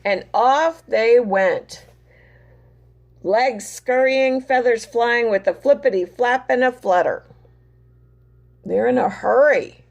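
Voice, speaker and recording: A woman reading a picture book aloud to children as their teacher, animated and pointing out the pictures as she goes. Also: on the high side, takes it slowly, vocal fry, pauses often.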